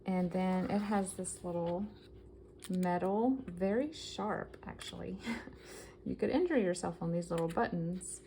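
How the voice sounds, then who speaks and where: Brief: woman vlogger, low, gravelly voice, chatty show-and-tell of thrift finds, faint background noise. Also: measured pace, mellow, rough recording. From American South. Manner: chatty and enthusiastic, reading items aloud. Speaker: vintage collector vlogger. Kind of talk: casual show-and-tell haul.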